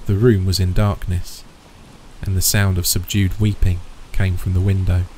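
A man with a very deep, dark, mellow voice reads a horror story aloud, slow and ominous. Faint rain hisses softly behind him. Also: level tone, low-quality recording. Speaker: narrator. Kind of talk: scripted horror narration.

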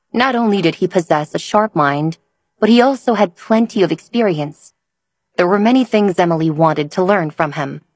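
A woman narrating a romance audiobook in steady storytelling. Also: lowish voice, no echo.

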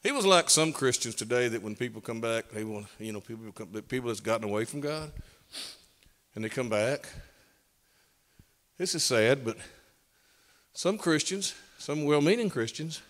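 A man's voice: medium pitch, animated, normal speed, long pauses, fairly bright tone. A man preaching a sermon as pastor, folksy and emphatic, his voice rising in bursts. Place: church sanctuary. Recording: long hall reverb.

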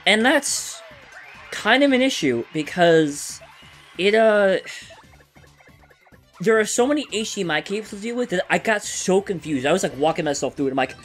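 A man co-hosting a casual gaming podcast, telling a story in an animated way and swearing freely. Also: sits high, normal speed, pauses often, soft background music. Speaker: co-host.

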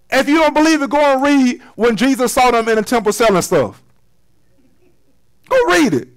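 A man pastor preaching a sermon in a church, casual and slangy, swinging between loud emphasis and quiet, intimate asides. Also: extremely high pitch, rough recording. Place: church sanctuary.

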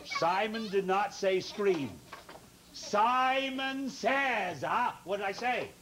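Heard first through the hiss of an old, noisy broadcast recording, a man with a high voice hosts a children's TV show. He leads a studio full of kids through games and keeps up a stream of teasing jokes and quick asides. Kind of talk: playful banter leading kids in games.

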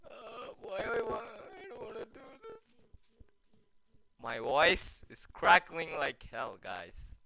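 A man giving jumpy, excitable commentary while playing a horror game, often dropping to hushed, nervous mutters. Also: high voice, slow pace, creaky, low-quality recording. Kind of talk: let's play commentary.

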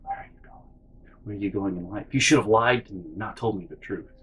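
A man voicing a lonely drunk man on a late-night train who asks slow, insistent, fake-deep questions. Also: expressive, slightly rough, soft background music.

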